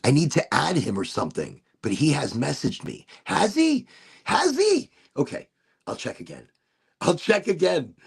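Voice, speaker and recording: A man's voice: medium pitch, very animated, moderate pace, vocal fry, husky. A man hosting a casual livestream chat, rambling loosely with giggly, self-interrupting asides. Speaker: livestream show host.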